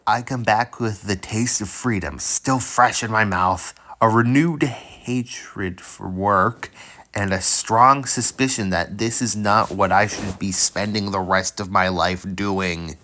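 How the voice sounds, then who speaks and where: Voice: low-pitched, takes it slowly, sharp tone. A video creator casually reading social media posts aloud with amused, wry asides.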